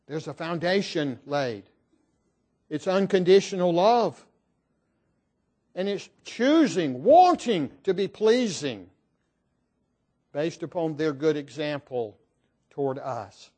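A man preaching a sermon in an earnest, emphatic, measured way. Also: a little high, expressive, mellow.

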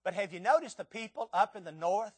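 A man from Tennessee with a Southern accent preaching a sermon, folksy and conversational, asking the congregation direct questions and swinging between hushed intimacy and loud emphasis. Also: high-pitched, lively intonation, a little fast, husky. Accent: Southern American. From Tennessee, southern United States.

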